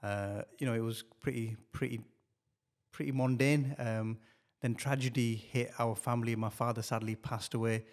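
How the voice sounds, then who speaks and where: A middle-aged man, telling a personal story as a podcast guest, halting and repeating words with many fillers. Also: medium pitch, steady tone. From northern England.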